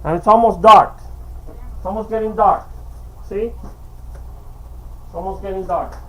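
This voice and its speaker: A man's voice: high voice, a little slow, bright, forceful tone, slight background noise, rough recording. A man talking in a rambling, hesitant way, full of fillers, in a casual home vlog. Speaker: home video maker.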